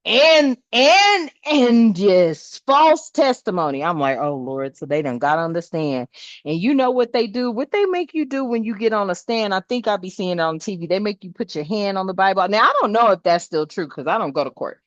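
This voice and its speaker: A woman's voice: medium pitch, very animated, normal speed, no room sound. Blunt, salty older woman on a dull, dry mic. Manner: salty, blunt and preachy, full of swearing and asides to "family". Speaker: spiritual channel host. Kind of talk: casual spiritual vlog talk.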